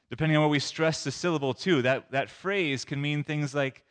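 A male pastor preaching a sermon in a church sanctuary, talking in a conversational, playful way and stressing single words with long pauses. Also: mid-range voice, a bit bright, clear, resonant tone.

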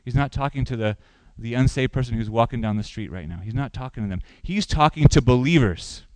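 A man's voice: mid-range voice, fairly quick, darkish tone, slight background noise, poor audio. A man preaching a sermon who asks the congregation questions and lifts his voice for emphasis. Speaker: pastor.

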